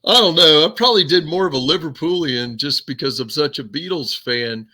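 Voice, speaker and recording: A man hosting a podcast, telling stories in a casual, animated way and laughing often. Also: fairly high pitch, a little fast. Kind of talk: casual chat.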